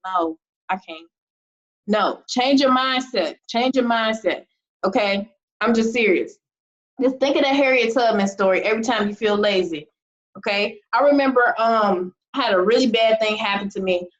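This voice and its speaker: Speaking at an ordinary pace in a fairly high voice, this U.S. team leader and business coach delivers a passionate motivational address to her online team, leaning on rhetorical questions. The recording is muffled.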